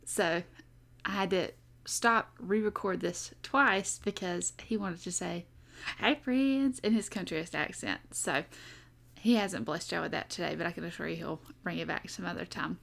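A woman's voice: on the low side, fairly even intonation, normal speed, creaky, fairly bright tone. A young adult woman hosting a casual podcast, chatty and upbeat with frequent fillers. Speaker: podcast host.

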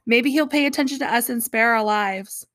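A woman voicing an angry ship's captain who shouts at a sleeping passenger. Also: a little high, moderate pace, no room sound, studio quality, lightly acted. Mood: scolding.

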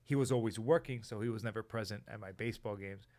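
A man who is a guest on a podcast, talking in an earnest, reflective way and in a steady, measured manner. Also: fairly low pitch. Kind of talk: casual conversation.

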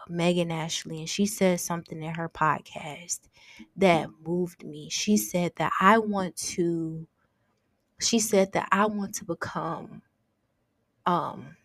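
A young woman hosts a casual faith podcast in a lowish voice, earnest and open as she confesses her thoughts. She circles back over her words as she talks. The sound is close and dry. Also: a bit bright, no room sound. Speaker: podcast host.

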